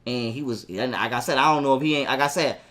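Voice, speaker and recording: A young man telling a heated story in a profane, animated way and acting out what people said. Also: medium pitch, fast talker. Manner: profane, animated, acts out quotes. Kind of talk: casual ranting story.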